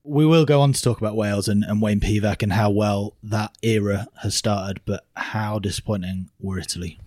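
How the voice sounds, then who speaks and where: A man presenting a sports podcast who briskly moves the conversation along. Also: lowish voice, fairly even intonation, darkish tone, no echo, clean studio sound.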